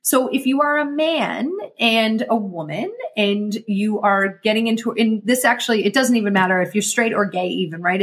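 A woman talking as a guest in a casual interview, energetic and motivational as she explains her coaching. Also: medium pitch, slightly rough. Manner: energetic, motivational, quick bursts. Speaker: guest, emotional intelligence coach.

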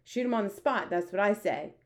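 A woman's voice: mid-range voice, animated, fairly quick, lightly acted. A woman voicing a blustering, impatient male army chief. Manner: bluff, impatient, loud.

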